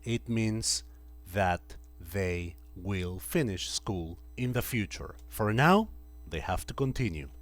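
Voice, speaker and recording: Male English teacher, lively up-and-down intonation, unhurried classroom delivery. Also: lowish voice. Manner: slow, patient, repeats example sentences. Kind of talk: classroom grammar lesson. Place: classroom with students.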